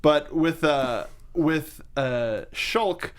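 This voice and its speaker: A man's voice: a little high, extremely slow, soft background music. A man co-hosting a wrestling show, easygoing and laughing often as he chats. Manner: easygoing, laughs often, takes listener questions. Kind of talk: casual podcast banter.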